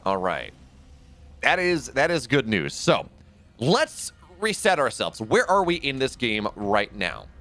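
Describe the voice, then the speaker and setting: A man casting a live esports match, goofy and energetic as he keeps the broadcast moving. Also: mid-range voice, slow. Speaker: esports caster.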